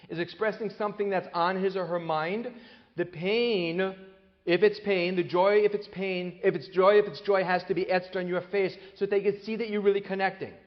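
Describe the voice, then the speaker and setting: Male lecturer, higher-pitched, animated, acts out little voices for laughs; dull hall recording. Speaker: speaker on parenting. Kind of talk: lecture to a live audience. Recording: long hall reverb, dull lo-fi sound.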